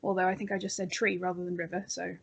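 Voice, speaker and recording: A woman's voice: on the low side, little pitch movement, fast, vocal fry, husky. A woman with a northern English accent, a podcast guest and author, chatting casually and laughing often. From England (Staffordshire). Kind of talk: casual chat.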